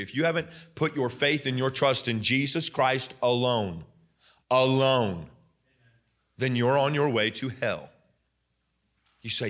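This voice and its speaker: A young adult man with an American Midwest accent preaching a sermon in a church, rising higher and louder at the climaxes. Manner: emphatic preaching, rising loud and high at climaxes. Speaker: pastor.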